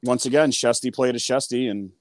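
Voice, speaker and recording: Excitable New man chatting hockey. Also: medium pitch, a little fast, no room sound. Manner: excitable, acts out his own reactions with lots of fillers. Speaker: sports podcast co-host. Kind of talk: casual chat.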